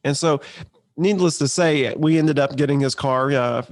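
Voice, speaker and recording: Man, entrepreneur, casual storytelling, conversational, slightly higher voice. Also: moderate pace. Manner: conversational, lively, with restarts.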